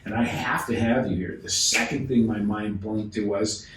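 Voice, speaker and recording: A male sales expert tells a long anecdote as a podcast guest. He is lively and acts out both sides of the conversation, circling back to restart his sentences. He sits well back from the mic in a very echoey room with faint background noise. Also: on the low side, normal speed, distant mic. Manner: acts out dialogue, frequent restarts. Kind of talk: animated storytelling.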